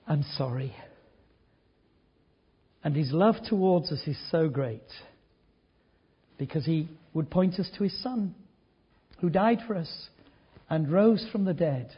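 An older man preaching a sermon, telling a story earnestly, dropping to hushed tones and rising to emphatic points. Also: on the high side, slow, pauses often, breathy edge, dull audio.

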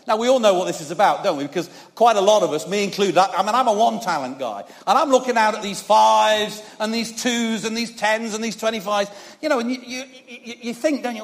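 Animated high-voiced man preaching. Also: a little fast. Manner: conversational, with frequent tag questions to the congregation; animated, swinging from loud emphasis to quiet. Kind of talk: sermon. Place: church service.

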